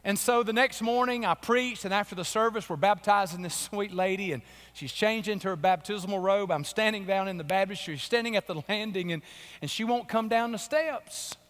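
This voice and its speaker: Pastor, slightly hoarse man, folksy storyteller, high voice ringing through a church hall. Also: brisk, fairly bright tone. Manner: folksy storytelling, rising into preaching emphasis. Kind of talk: sermon. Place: church sanctuary. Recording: long reverb of a church hall.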